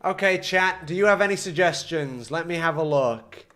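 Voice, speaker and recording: A man's voice: fairly high pitch, moderate pace, fairly bright tone. A man streaming a game live, talking to himself and his chat in an exasperated way as his builds fail. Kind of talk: live-streamed gameplay commentary.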